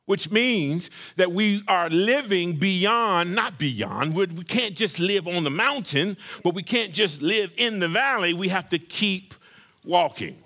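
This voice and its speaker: A male pastor preaching a sermon, lively and conversational, acting out scripture scenes with playful asides. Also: sits high, slow.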